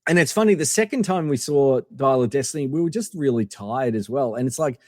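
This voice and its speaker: A man's voice: medium pitch, lively intonation, fairly quick, a little mellow, dry recording, studio quality, in a large hall. A man guest telling casual anecdotes in a rambling way, full of fillers and restarts. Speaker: podcast guest.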